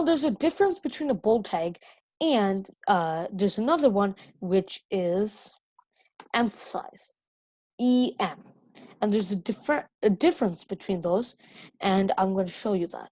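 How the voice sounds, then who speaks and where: Woman, mid-pitched, casual rambling coding tutor, dry close mic. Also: darkish tone, no room sound. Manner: rambling, many fillers and self-corrections. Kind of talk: casual screen-recorded coding lesson.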